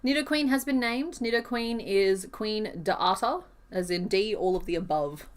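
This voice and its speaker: A woman's voice: medium pitch, moderate pace. Chatty woman crocheting on stream. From Western Australia. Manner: chatty, counts stitches half under her breath, laughs easily. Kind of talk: casual live-stream chat while crocheting.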